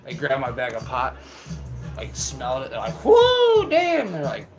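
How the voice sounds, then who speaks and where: Young man, easygoing rambling storyteller, swears freely, chuckles a lot; clear music bed underneath. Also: mid-range voice, fairly even intonation, moderate pace, a bit bright, muffled recording. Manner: laid-back, profane, laughs through his stories. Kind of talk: casual storytelling. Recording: music playing in the background.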